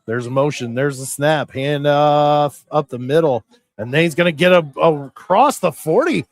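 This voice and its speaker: A man's voice: on the high side, fairly even intonation, moderate pace, dry recording. Folksy man calling football. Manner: folksy, rambling, self-correcting. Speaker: play-by-play announcer. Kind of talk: high school football commentary.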